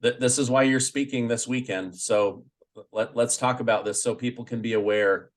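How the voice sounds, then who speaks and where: A man hosting an interview, asking questions calmly and a bit hesitantly. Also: medium pitch, moderate pace. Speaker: interview host.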